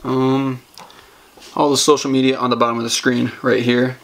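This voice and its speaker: A man's voice: medium pitch, flat delivery, normal speed, creaky. A young man co-hosting a podcast, telling a story in loose casual chat with many fillers and laughs. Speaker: podcast co-host.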